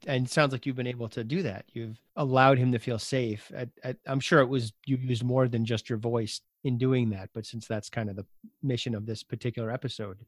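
Here a male podcast host speaks briskly at medium pitch with fairly even intonation, captured at studio quality with no echo. He's thoughtful during the conversational interview, thinking aloud as he sums up and rewords his guest's advice.

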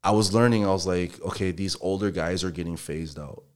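A man with a very low voice talks casually as a guest on a podcast. He rambles in a relaxed way and fills his sentences with little asides. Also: fairly quick. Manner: relaxed, rambling, heavy use of filler phrases. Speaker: guest, contractor.

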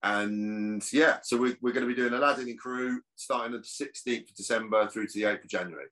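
A man's voice: medium pitch, brisk, a bit bright. A man, an actor chatting as a podcast guest, rambling with restarts. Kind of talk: casual podcast chat.

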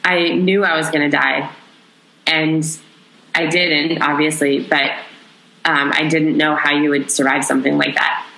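A young adult woman, an interview guest, recounting a personal story in an emotional, halting way with many pauses. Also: deep voice, little pitch movement, vocal fry, sharp tone, slight background noise. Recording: roomy echo.

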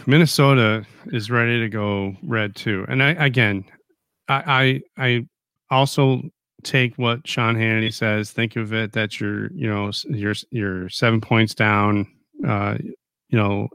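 Low-voiced guy rambling on a political talk show, dry close mic. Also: fairly bright tone, smooth, no room sound. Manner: rambling, agreeable, lots of fillers. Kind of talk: casual political chat.

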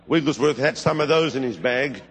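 Brief: middle-aged man, fiery storytelling preacher, husky, reverberant hall. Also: brisk, fairly bright tone. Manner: fervent storytelling with sudden high bursts. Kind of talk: sermon.

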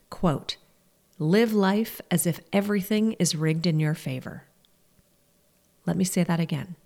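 A woman's voice: lowish voice, darkish tone. A woman hosting a podcast, speaking in an earnest, reflective and encouraging way in a scripted monologue. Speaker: podcast host.

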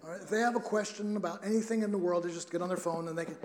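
A man's voice: high-pitched, very fast, a little mellow. A middle-aged man preaching a sermon, telling a personal story earnestly with many restarts.

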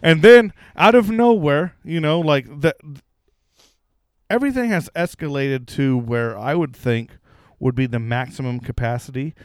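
An excitable man with a smooth, clear voice tells a wild night-out story, swearing and throwing in "dude" constantly. His voice sits a bit high and sounds dry and close to the mic. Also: a little slow, dry recording. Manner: excitable, profane, says "dude" a lot. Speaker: podcast co-host. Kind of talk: casual storytelling banter.

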